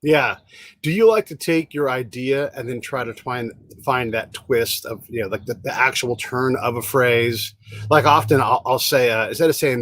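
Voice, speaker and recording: A man's voice: medium pitch, normal speed, fairly bright tone, dry recording. A man hosting a casual interview over a video call, talking in easygoing, rambling turns. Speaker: host.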